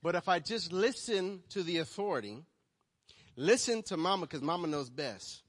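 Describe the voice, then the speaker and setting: A male pastor preaching a sermon, telling personal stories and swinging between soft asides and loud, emphatic calls to the congregation. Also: sits high, expressive, normal speed. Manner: storytelling, swings from quiet to loud. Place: church hall. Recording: long hall reverb.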